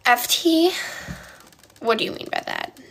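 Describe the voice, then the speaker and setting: Bright, lively young woman live streamer. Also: on the high side, a little slow, creaky, a little hiss or hum. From Poland. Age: young adult. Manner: stutters and restarts often; valley-girl way of talking. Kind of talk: casual live stream chat, answering comments.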